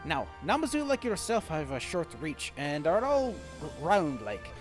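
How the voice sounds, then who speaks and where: A man doing a gruff Scottish shipwright. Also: a little high, very animated, normal speed, music in the background. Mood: explaining. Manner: loud, blustering. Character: gruff male shipwright, rowdy.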